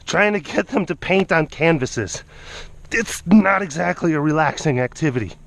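A breathless man talks his way through a casual outdoor vlog, coaxing and chattering at animals between remarks. His voice is gravelly and a little higher than most, and his pitch swings widely even though he speaks slowly. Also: no room sound. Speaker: vlogger working with big cats. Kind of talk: casual running commentary.

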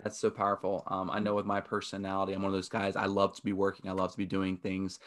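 A man's voice: sits low, completely flat delivery, fast talker. A man hosting a faith interview podcast, earnest and rambling, often restarting his sentences. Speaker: podcast host.

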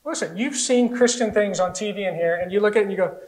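Animated American man preaching, high voice. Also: quick pace, poor audio. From United States. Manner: animated storytelling, acts out little voices. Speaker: pastor. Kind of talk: sermon.

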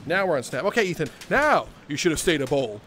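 A man streams a game at home, playful and theatrical, breaking into laughs and big exclamations. His voice sits a little high and swings widely in pitch as he jokes with chat. There is a faint hiss behind him on the desk mic. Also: very animated, quick pace. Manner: jokey, theatrical, bursts of laughter and loud exclamations.

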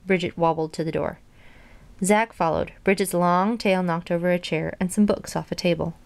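A woman reading a children's storybook aloud in a plain, gentle way, dropping in casual asides. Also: fairly low pitch, fairly even intonation, moderate pace, creaky, no echo. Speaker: storybook reader.

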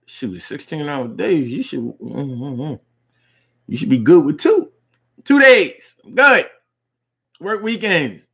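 A man hosting a call-in show, reacting to comments in a loose, slangy, animated way. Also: mid-range voice, measured pace, vocal fry, husky. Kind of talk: casual live show chat reading comments.

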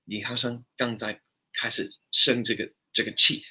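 A man hosting a casual live-stream English lesson, talking animatedly and slowing down to repeat and spell out phrases. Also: mid-range voice, level tone, pushed and bright, husky.

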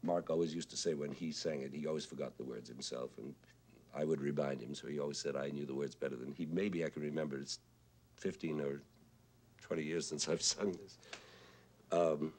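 A man with a husky voice, talking thoughtfully on television about songwriting, pausing with "uh" as he explains. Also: rumbling low, fairly even intonation, a little mellow, a little hiss or hum. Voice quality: husky "whiskey voice". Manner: thoughtful, pauses with "uh", explains with sung examples. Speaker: composer recalling a friend. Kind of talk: reflective televised talk.

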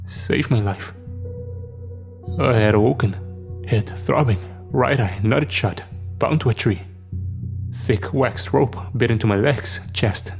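A man's voice: medium pitch, gravelly, darkish tone. A man telling a horror story in a tense, dramatic scripted narration. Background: faint music.

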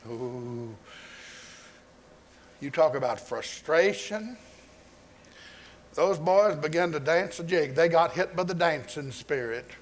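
Brief: a male preacher, folksy and humorous storyteller, with a slightly higher than usual voice. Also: unhurried, a little hiss or hum. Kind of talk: sermon.

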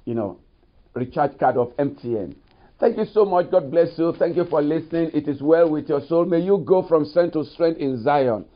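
A man preaching a recorded sermon as pastor, leaning often on "you see" and "you know". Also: mid-range voice. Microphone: studio mic. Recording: dull lo-fi recording.

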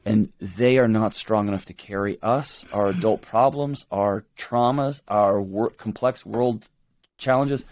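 A man speaking as a guest in an interview, emphatic and animated, acting out quoted voices as he talks. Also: fairly low pitch, measured pace, no room sound, clean studio sound. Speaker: guest author. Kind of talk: conversational interview.

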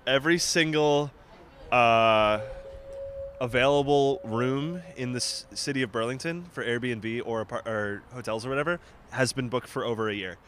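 A man's voice: mid-range voice, moderate pace, a bit bright. Young man, student host, filler-heavy, chatty, outdoors, handheld mic. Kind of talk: casual live-stream chat. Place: outdoors on a campus.

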